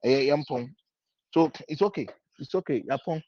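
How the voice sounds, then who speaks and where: On a dull, lo-fi recording with a dry sound, a man with a slightly high voice preaches at a moderate pace. He alternates between English and Twi, pressing his points by repeating lines with rising emphasis.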